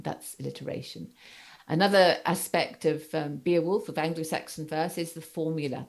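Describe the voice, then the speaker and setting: A woman's voice: sits low, creaky, a little mellow. A woman lecturer giving an online literature class, rephrasing her points as she goes and checking in with her students. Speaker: university lecturer.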